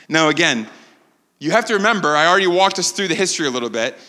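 Bright, lively preaching man in hall. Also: a little high, a little fast. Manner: animated preaching, acting out quotes. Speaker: pastor. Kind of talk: sermon. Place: church sanctuary.

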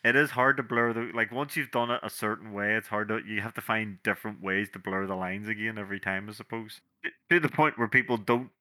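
A man's voice: on the low side, fairly even intonation, fairly quick, hardly any pauses, sharp tone. A Scottish man co-hosting a podcast in casual chat, talkative and fond of mimicking people. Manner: chatty, mimics people in quotes. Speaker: podcast co-host.

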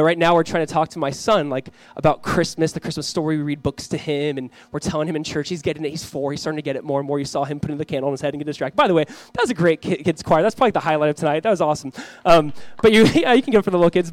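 A man in his thirties preaching a Christmas Eve sermon, earnest, reading scripture slowly and acting out family scenes. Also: a little high, dry recording, rough recording. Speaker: pastor.

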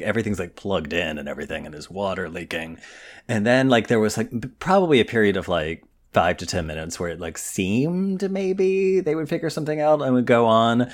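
A man co-hosting a podcast, chatting casually and telling a story full of "like" fillers. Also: deep voice. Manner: giggly, animated storyteller with many "like" fillers. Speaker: podcast co-host. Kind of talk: casual chat.

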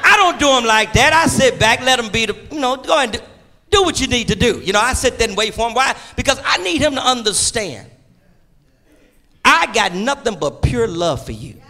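A man's voice: very high-pitched, lively intonation, normal speed, sharp tone. A middle-aged man preaching a sermon in an emphatic, folksy way, repeating his key phrases.

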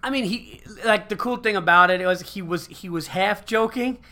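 A man hosts a podcast and tells a long story in loose, rambling speech full of swearing and fillers. His voice sits a little high for a man and has a bright, forceful edge. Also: normal speed. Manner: animated, profane, rambling with fillers. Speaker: podcast host. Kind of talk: casual storytelling chat.

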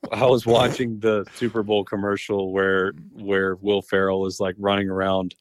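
A man's voice: fairly low pitch, little pitch movement, moderate pace, no echo. A man in his thirties, a guest athlete calling in to a sports radio show, telling stories in a laid-back way. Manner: laid-back, easygoing storytelling. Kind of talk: casual radio interview.

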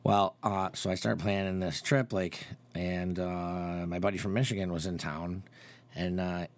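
Low-voiced man telling a rambling story. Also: steady tone, unhurried. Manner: rambling storyteller, acts out quotes with pitch jumps. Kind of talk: casual chat.

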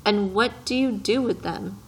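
A woman's voice: mid-range voice, measured pace, slightly rough, poor audio. The little prince, read by a woman. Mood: curious. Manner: earnest, questioning. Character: curious, persistent young boy prince. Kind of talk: audiobook reading.

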